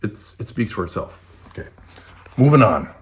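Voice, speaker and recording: A man's voice: on the low side, sing-song, normal speed, very noisy. A man hosting his own tractor channel, talking casually and with enthusiasm, often repeating himself and checking in with "okay?" and "right?". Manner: enthusiastic, repetitive, keeps adding "okay?" and "right?". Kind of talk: casual enthusiastic equipment talk to camera. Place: garage.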